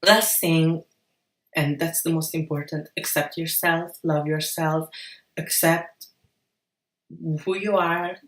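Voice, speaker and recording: A woman with a fairly low voice gives frank, upbeat advice straight to her vlog viewers, swearing now and then in an encouraging way. She sits a little back from the mic, so the sound is roomy.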